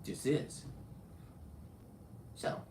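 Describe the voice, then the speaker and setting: A man hosting a show tells brash, profane diving stories, boasting and swinging between loud bursts and mutters. He speaks very slowly. The audio is reverberant with a little hiss or hum.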